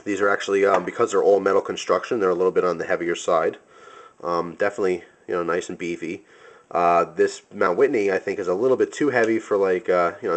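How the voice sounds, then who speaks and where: Deep-voiced man rambling through a knife review. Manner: rambling, many fillers and self-corrections. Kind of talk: casual product review.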